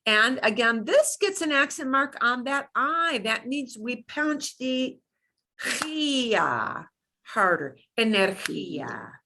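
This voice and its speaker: A middle-aged woman teaching beginner Spanish, modeling each pronunciation slowly and clearly. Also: fairly high pitch, sing-song, bright, forceful tone. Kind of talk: beginner language lesson.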